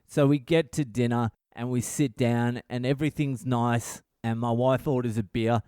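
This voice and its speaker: A man's voice: mid-range voice, steady tone, moderate pace, dark tone, clean tone, dry recording, clean studio sound. Foul-mouthed comedian man ranting. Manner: swears constantly, rambling and exasperated. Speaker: comedian podcast host. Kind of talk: comic storytelling monologue.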